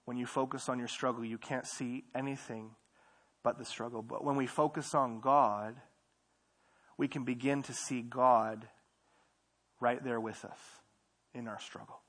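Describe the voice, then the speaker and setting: A young man preaching a casual, conversational sermon in a church service, repeating phrases and moving between quiet asides and louder emphasis. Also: mid-range voice. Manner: conversational, repeats himself, swings between soft and loud. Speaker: pastor.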